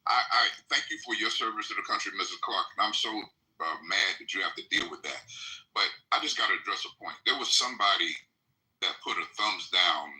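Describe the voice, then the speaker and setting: Low-voiced polite male host. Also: bright, forceful tone, poor audio. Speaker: live stream host. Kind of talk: hosting a live discussion.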